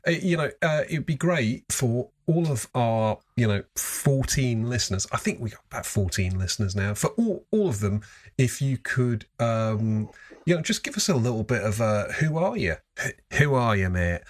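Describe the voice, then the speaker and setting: A man's voice: medium pitch, sing-song, moderate pace. A man hosting a podcast, joking and teasing with plenty of swearing in casual chat. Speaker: podcast host.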